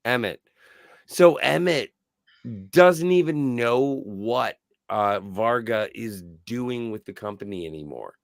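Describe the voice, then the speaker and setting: A man's voice: medium pitch, lively intonation, slow pace, vocal fry, no room sound, clean studio sound. A man co-hosting a podcast, talking in a thoughtful, searching way with fond praise. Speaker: podcast co-host. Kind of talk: casual podcast discussion.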